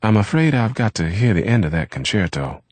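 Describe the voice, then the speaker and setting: A man voicing an eager, lonely young American from the South, with a quick, eager delivery. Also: fairly low pitch, sing-song, no echo, pitched above the performer's own voice.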